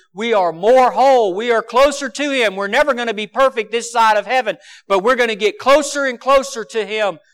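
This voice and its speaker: A man preaching a sermon with passion, swinging between loud emphasis and quiet asides. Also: high-pitched, smooth.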